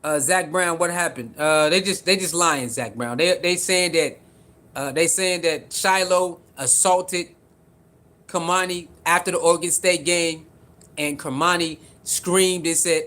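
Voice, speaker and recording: Animated high-voiced man riffing to viewers. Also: unhurried. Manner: animated, repetitive, talks straight to viewers. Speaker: sports commentary streamer. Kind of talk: casual reaction commentary, reading viewer comments.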